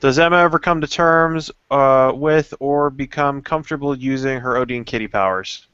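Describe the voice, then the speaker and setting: A man with a bright, smooth voice reads listener questions on a casual podcast, pausing often with fillers. The sound is dry and a little dull and lo-fi. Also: medium pitch, no echo. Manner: halting, many fillers. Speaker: host reading listener questions.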